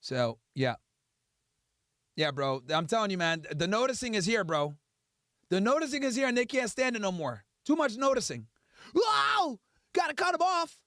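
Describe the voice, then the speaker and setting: High-pitched, animated ranting man. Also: normal speed, no echo, studio quality. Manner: profane, heated, mocking. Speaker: livestream host. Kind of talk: livestream rant.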